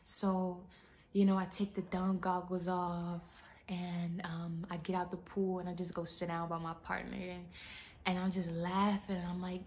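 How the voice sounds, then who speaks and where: Animated young woman telling a story. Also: lowish voice, measured pace, a little hiss or hum. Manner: animated, dramatic, slipping into hushed whispers; chatty, addresses viewers as y'all. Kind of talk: casual storytelling vlog.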